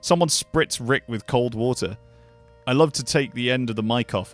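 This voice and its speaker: A man's voice: medium pitch, normal speed, soft background music. A man chatting on a casual livestream while playing a game, goofy and joking, playing around with his voice. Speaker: streamer.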